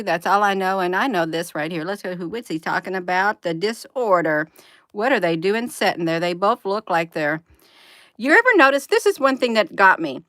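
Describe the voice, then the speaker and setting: A woman's voice: mid-range voice, lively intonation, normal speed, fairly bright tone, dry recording, clean studio sound. A woman hosting a casual livestream, rambling through documents, giggling and talking straight to her viewers. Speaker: livestream host.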